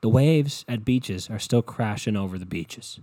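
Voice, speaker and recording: A man hosting a solo podcast, ranting casually with lots of swearing, swinging between low mutters and loud exasperated outbursts. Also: measured pace, no room sound. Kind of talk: casual comedic rant.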